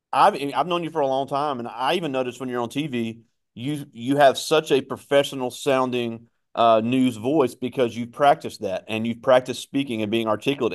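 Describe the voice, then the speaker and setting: A man hosting a school career talk, asking questions in a friendly and rambling way. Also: mid-range voice. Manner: friendly, rambling, repeats himself. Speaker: school interviewer and host.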